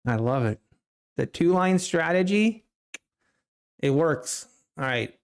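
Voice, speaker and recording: A man with a fairly high voice hosts a live trading stream at a slow, relaxed pace. He chats casually with his viewers and laughs often. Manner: chatty, laughs often, talks to chat viewers. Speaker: livestream trading host.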